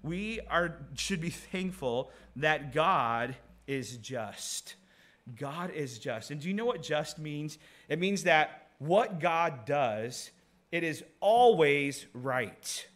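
Earnest male preacher, slightly high voice. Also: lively intonation, takes it slowly, a bit bright. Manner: earnest, repeats key phrases, reads scripture aloud; frequent laughs and restarts. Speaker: pastor. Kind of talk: sermon.

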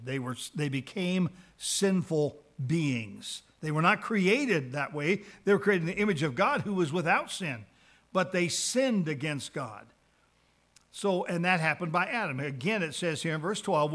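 A man teaching a Bible lesson on evangelism, reading verses aloud slowly and then explaining them in plain words, often repeating words for emphasis. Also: sits high, fairly bright tone.

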